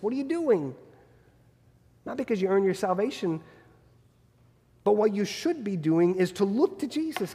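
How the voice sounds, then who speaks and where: A man's voice: high-pitched, darkish tone, in a large hall. A man preaching a sermon as pastor, earnest and fond of repeated rhetorical questions.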